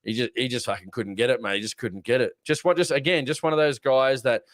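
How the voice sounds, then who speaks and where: A man's voice: mid-range voice, fairly even intonation, fast talker, dry recording, studio quality. An Australian man hosting a casual live-stream chat, rambling with lots of fillers and restarts, swearing now and then. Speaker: podcast host.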